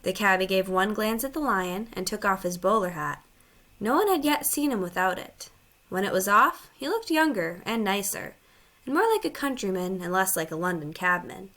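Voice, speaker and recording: A woman narrating a storybook in an even, clear read. Her voice sits at a middling pitch for a woman and keeps a steady storytelling flow. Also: moderate pace. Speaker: audiobook narrator. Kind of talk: scripted narration.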